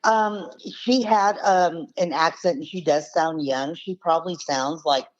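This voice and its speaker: A woman's voice: low-pitched, measured pace. Woman telling it straight, emphatic and blunt, kinda muffled lo-fi sound. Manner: emphatic, blunt retelling with acted quotes. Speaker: scam victim's niece, guest. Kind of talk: casual storytelling interview.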